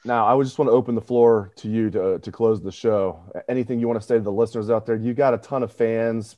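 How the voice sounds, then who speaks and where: A man's voice: fairly low pitch, steady tone, fast talker, few pauses, warm tone, dry recording. A man hosting a casual sports podcast, joking and complaining with mock exasperation. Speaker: podcast host.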